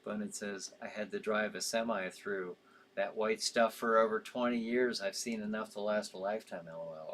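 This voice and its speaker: A man's voice: fairly low pitch, fairly even intonation, moderate pace, a bit bright. A man hosting a live show in casual chat, reading out viewer comments with sympathy, rambling with frequent fillers and easy laughs.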